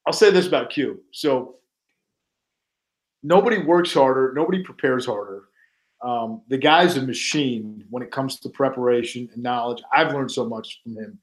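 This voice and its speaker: A man's voice: mid-range voice, normal speed. A man, a sportscaster guest on a podcast, telling casual stories and acting out what his colleagues said. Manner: animated anecdotes, acting out quoted colleagues.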